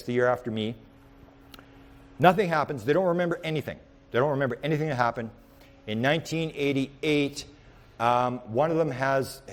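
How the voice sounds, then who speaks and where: A man giving a UFO research talk, telling stories in a rambling way with many restarts. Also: mid-range voice. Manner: rambling, with frequent restarts and repeated words; animated storyteller who speaks in the present tense. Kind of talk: anecdotal storytelling lecture.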